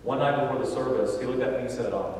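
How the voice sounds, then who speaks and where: A man preaching a sermon as a pastor, telling stories with animated, emphatic delivery. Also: medium pitch, fast talker. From Southern United States. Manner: animated storytelling, builds to loud emphatic points. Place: large church sanctuary. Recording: echoey church hall from far off.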